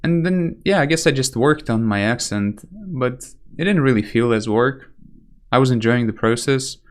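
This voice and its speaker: A man's voice: mid-range voice, moderate pace. A young man from Russia with a light Russian accent, chatting casually on a live stream, rambling and correcting himself often. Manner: rambling, hesitant, self-correcting, casual swearing.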